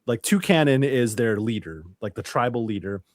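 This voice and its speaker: A man's voice: medium pitch, animated, normal speed, no room sound. A man, a podcast guest, chatting casually and telling a rambling story with plenty of swearing. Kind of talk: casual chat.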